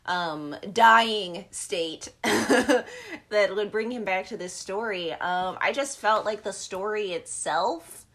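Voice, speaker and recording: A woman co-hosting a podcast, talking about a film in a casual, animated way and mocking the characters with exaggerated voices. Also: medium pitch, slow, gravelly. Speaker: podcast co-host.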